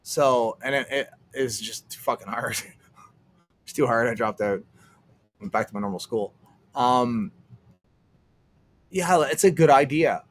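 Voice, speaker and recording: On a livestream, a young adult man from Canada talks casually at a medium pitch and measured pace, pausing often. His rambling is laced with profanity, and he drops sentences only to begin them again.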